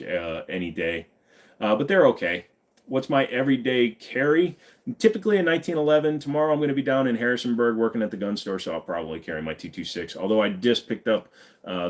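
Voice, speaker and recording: A man hosting a casual live stream, reading viewer comments aloud and answering in a relaxed, rambling way full of fillers. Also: lowish voice. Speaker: livestream host. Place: back of a van.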